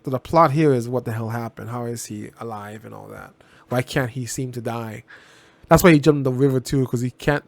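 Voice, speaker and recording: A man rambles through his thoughts on a TV episode in a casual, offhand way, often restarting and repeating himself and swearing bluntly. His voice is gravelly, and it sits dry and close to the mic. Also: mid-range voice, a little mellow, no echo. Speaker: reaction video host. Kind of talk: casual spoken TV reaction.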